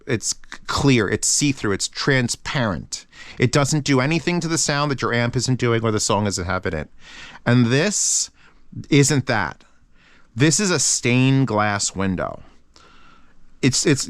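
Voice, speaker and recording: A man hosting a casual review channel, talking in an excitable, rambling way with lots of swearing. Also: mid-range voice, no room sound, clean studio sound.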